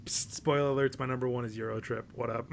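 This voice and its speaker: A man's voice: mid-range voice, steady tone, quick pace, background noise. A man co-hosting a podcast in casual chat, talking eagerly and laughing as he retells scenes. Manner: enthusiastic, laughs while retelling movie scenes. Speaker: podcast co-host.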